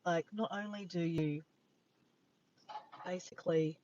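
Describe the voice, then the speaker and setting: A rambling, chatty Australian man with a slightly high voice talks casually into his phone from a car parked by the beach. The sound is a bit dull, with faint ambience behind him. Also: fairly even intonation, measured pace, darkish tone, slight background noise. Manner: chatty, rambling, easily sidetracked. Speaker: vlogger. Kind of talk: casual livestream chat. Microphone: handheld phone camera.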